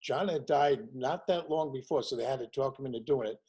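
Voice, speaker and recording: A husky-voiced man in his sixties swaps show business stories with animated energy. His pitch sits in an ordinary middle range, and he keeps breaking into other voices to act out the people he quotes. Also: fairly quick, poor audio. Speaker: guest, warm-up comedian. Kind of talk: casual storytelling chat.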